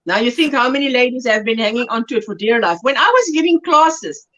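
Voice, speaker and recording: A woman's voice: fairly high pitch, expressive, fairly quick, bright, forceful tone, dull audio. A South African woman hosting a crochet livestream, chatting playfully, giggling often, and reading viewer comments aloud.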